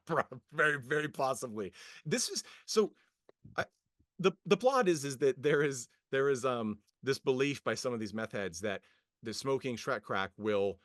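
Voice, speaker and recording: A man's voice: medium pitch, a little slow, no room sound. Rambling amused man, dry sound. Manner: rambling, hesitant, many fillers and restarts; animated, amused, laughing often. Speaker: podcast co-host. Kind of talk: casual film review chat.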